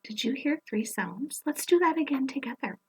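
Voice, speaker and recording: A woman teaching young children phonics, gently sounding out letters and words and encouraging them as she works through a worksheet. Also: high voice, animated, normal speed. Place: indoors at a table, camera on her worksheet.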